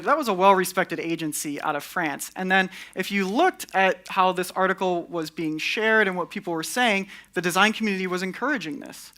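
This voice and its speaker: A man's voice: sits high, bright, forceful tone. A young man giving a candid conference talk on stage, with wry, sarcastic asides. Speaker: conference speaker.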